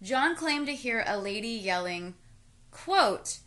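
Lively bright-voiced woman chatting. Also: medium pitch, unhurried. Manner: chatty, jokey, sarcastic asides. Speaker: podcast co-host. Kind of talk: casual true-crime chat over wine.

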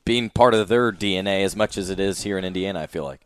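A man's voice: low voice, fast talker, clear, resonant tone. A man hosting a podcast interview, asking long, easygoing, rambling questions. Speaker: podcast host. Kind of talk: casual interview conversation.

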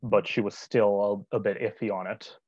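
A young man speaking as a guest in a casual interview, hesitant and full of filler pauses. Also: fairly low pitch, steady tone, darkish tone, slightly rough, dry recording. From United Kingdom. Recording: dull lo-fi remote audio.

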